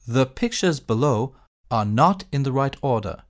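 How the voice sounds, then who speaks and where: A male narrator on textbook audio reads slowly and clearly. His pitch moves in a lively way from line to line. The delivery is scripted narration for language learners.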